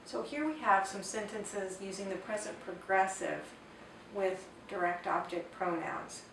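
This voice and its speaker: A woman teaching a grammar lesson at a board, explaining slowly and carefully and reading out Spanish example sentences. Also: mid-range voice, gravelly. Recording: echoey room, distant mic, faint noise.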